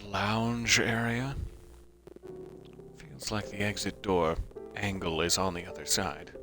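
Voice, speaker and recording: A man's voice: lowish voice, steady tone, takes it slowly, over music. A man streaming a puzzle game live, commenting playfully and melodramatically to himself. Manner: playful, melodramatic, talks to objects.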